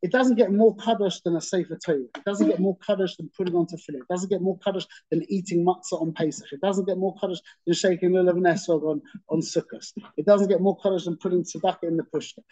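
Husky, mellow-voiced male teacher. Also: high-pitched, steady tone, fast talker, few pauses, muffled recording. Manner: conversational, checks in with "okay?" and "yeah?"; repeats phrases for emphasis. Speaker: Torah teacher. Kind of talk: teaching a religious class.

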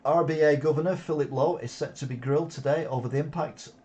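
A man's voice: on the high side, fast talker, warm tone. Sarcastic Wigan man reading headlines. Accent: Wigan, Lancashire. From Wigan, England. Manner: sarcastic asides, frequent fillers. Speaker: news commentary host. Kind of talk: reading headlines with off-the-cuff commentary.

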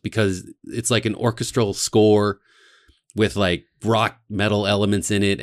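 A man co-hosting a casual podcast chat, telling excited stories about games he loved. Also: fairly low pitch, dry recording, studio quality. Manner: excitable, gushing storyteller. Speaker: podcast co-host.

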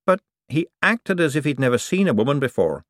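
A man reading a story, voicing a smooth-talking young conman who speaks in a glib, persuasive, wry way. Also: medium pitch, big pitch swings, brisk, no room sound, clean studio sound, voice pushed up, natural voice.

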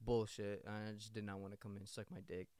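A man's voice: on the low side, flat delivery, brisk, darkish tone, clear, resonant tone, no room sound. A young man ranting casually and profanely as a podcast host, rambling and mocking.

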